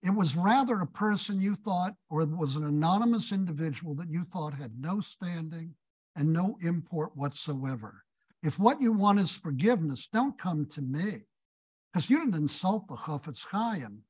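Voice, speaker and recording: A man voicing a stern, wise old rabbi in a told story, speaking calmly and firmly. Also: fairly high pitch, normal speed, slightly rough.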